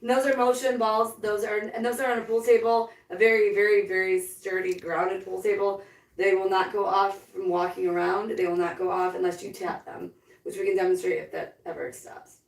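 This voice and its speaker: A woman's voice: mid-range voice, a little fast, gravelly. Ghost hunter lady chatting on a livestream, gets all worked up, kinda far off the mic in an echoey basement. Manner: excitable, repeats words when eager. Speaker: paranormal investigator livestream host. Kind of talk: casual live-stream chat. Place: indoors, basement with a pool table. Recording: roomy, distant from the mic.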